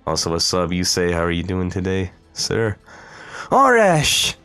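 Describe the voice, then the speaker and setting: A man's voice: low-pitched, monotone, quick pace, a bit bright, smooth. A young man playing a game on stream, joking in crude, playful banter. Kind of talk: let's play commentary. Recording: faint game music behind.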